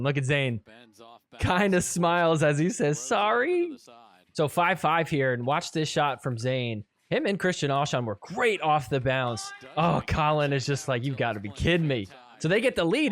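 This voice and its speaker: Man, slightly high voice, casual play-by-play recap, teasing, laughs a lot. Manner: playful, teasing, laughs often. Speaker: podcast host. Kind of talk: casual play-by-play recap over match footage.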